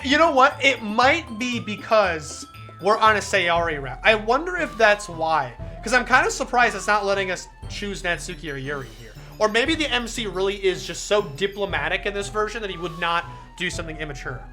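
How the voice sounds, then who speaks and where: A woman streaming a visual novel, reacting in a chatty, animated way. Her voice is bright and swoops around a lot, with quiet game music behind. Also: mid-range voice, moderate pace. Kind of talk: casual live-stream visual novel read-along.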